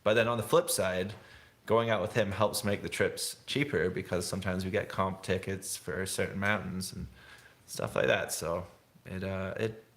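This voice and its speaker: A young man from England chats casually on a livestream. His voice sits fairly low, and he talks in a rambling, laid-back way. He laughs often and calls people dude. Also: steady tone, moderate pace, fairly bright tone. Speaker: snowboard vlogger hosting a livestream. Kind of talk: casual live-stream chat.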